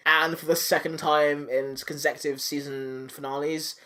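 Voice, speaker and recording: A man with a slightly high voice hosts a podcast and recaps episodes in loose, animated chat. He swears freely and slips into the characters' lines as he goes. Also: moderate pace. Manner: animated, profane, acts out characters while recapping. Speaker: podcast host.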